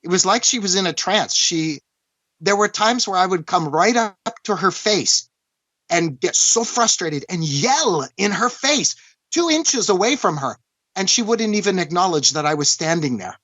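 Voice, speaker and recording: A man from Canada, recounting a personal story as an interview guest in an earnest, halting way, often restarting and saying "you know". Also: sits high, lively intonation, fairly bright tone, no echo. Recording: dull, dry lo-fi recording.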